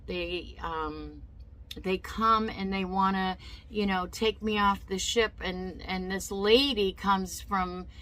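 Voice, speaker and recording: A woman's voice: medium pitch, fairly even intonation, slow, a bit bright, poor audio. A woman telling a personal story in a casual vlog, emotional and indignant, often repeating herself. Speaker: vlogger.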